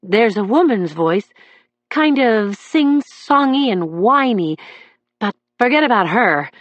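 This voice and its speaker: A man's voice: extremely high pitch, lively intonation, takes it slowly, fairly bright tone, dry recording, highs cut off, pitched above the performer's own voice, full character voice. A woman voicing a distraught defendant in his thirties, a man whose voice warbles with emotion as he testifies. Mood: haunted. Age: 30s.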